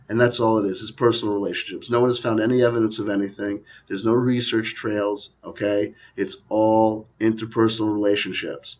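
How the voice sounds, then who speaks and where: A man's voice: fairly low pitch, level tone, a little fast, hardly any pauses, a little mellow. A man delivering a rambling, sardonic commentary with frequent asides, recorded in a dull lo-fi quality. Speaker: video commentator. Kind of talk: rambling conspiracy commentary vlog.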